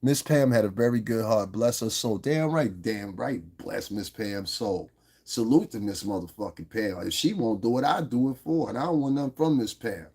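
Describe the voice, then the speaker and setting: A middle-aged man rants bluntly to his livestream chat, swearing freely as he calls out the viewers one by one. His voice is gravelly and rough with a husky edge, set at an ordinary middle pitch. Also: darkish tone. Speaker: livestream host. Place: lives in Las Vegas.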